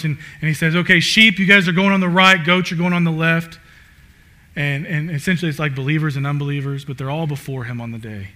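A male pastor preaching a sermon to his congregation, animated and emphatic, swinging from loud peaks to quiet, reverent lines. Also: medium pitch. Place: church sanctuary.

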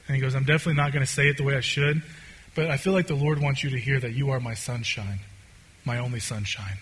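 A man preaching a conversational sermon as a pastor, swinging between loud, excited stretches and quiet, hushed ones. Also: a little high, fast, slightly rough.

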